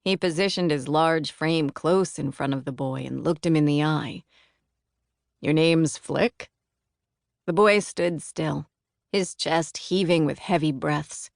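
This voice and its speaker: A woman narrating a novel as an audiobook in an even, measured manner. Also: sits low, gravelly, dry recording, clean studio sound. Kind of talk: scripted narration.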